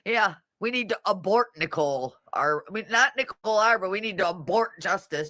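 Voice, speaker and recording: A woman's voice: mid-range voice, expressive, moderate pace, hardly any pauses, bright, forceful tone, no room sound. A woman hosting a casual livestream, reading comments and mocking people in a brash, profane way. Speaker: livestream host.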